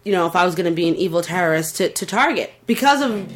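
A woman's voice: on the low side, animated, fast talker. A woman with a Boston accent chatting casually on a podcast, playful and rambling, with frequent restarts.

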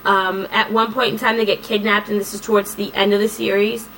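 A woman in casual chat, recapping a series in a rambling, animated way and swearing freely. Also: medium pitch, brisk, slight background noise, low-quality recording.

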